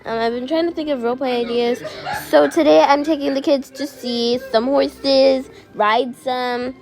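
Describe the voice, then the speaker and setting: High-voiced woman doing toy role-play. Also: steady tone, moderate pace, gravelly, over music. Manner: chatty, playful, motherly. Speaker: vlogger narrating a toy role-play as the mom.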